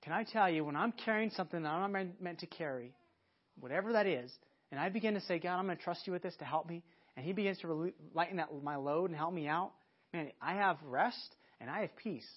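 A man's voice: fairly high pitch, animated, a little fast, breathy edge. A man preaching a sermon as a pastor, earnest and often repeating words as he searches for phrasing. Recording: dull lo-fi audio.

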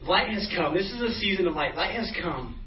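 A man's voice: sits high, lively intonation, a little fast. A man in middle age preaching a sermon as pastor, casual storytelling with frequent restarts. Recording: echoey, distant, dull room sound.

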